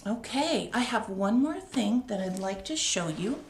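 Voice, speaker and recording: A woman librarian reads a picture book to young children at a very slow, expressive pace. Her slightly high voice carries a gravelly grain. The sound is echoey, with faint noise underneath. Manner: slow, expressive, warm read-aloud delivery.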